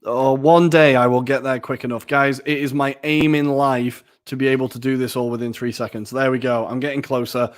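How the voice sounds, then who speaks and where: A man's voice: medium pitch, steady tone, brisk, hardly any pauses. Easygoing man hosting a football podcast. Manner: easygoing, moves the show along. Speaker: podcast co-host. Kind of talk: casual football chat.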